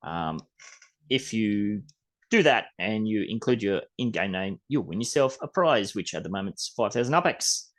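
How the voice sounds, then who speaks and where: With a lowish, expressive voice at normal speed, this Australian podcast host drifts through relaxed, chatty talk. He swears a little along the way.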